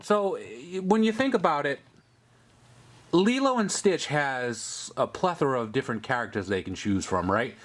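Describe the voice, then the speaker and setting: A man's voice: mid-range voice, lively intonation, normal speed, a bit bright. A man hosting a casual toy review, chatting upbeat as he points out details on each figure. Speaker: host of a toy review channel.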